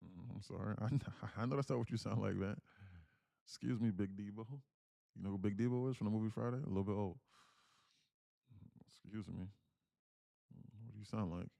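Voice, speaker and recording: A young man with a low, gravelly voice runs live trading commentary, chatting freely and thanking viewers as he goes. The sound is dry and close, with no room around it. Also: a little fast, long pauses, mellow, dry recording. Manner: chatty, thanks viewers, switches to a higher put-on voice when reading comments. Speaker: day trader streaming live.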